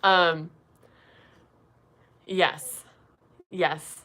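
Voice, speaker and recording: On a casual livestream, a young woman pulls tarot cards live, chatting away with plenty of "um" and "like." Her voice sits fairly low and a bit bright, with a steady tone and a very slow pace.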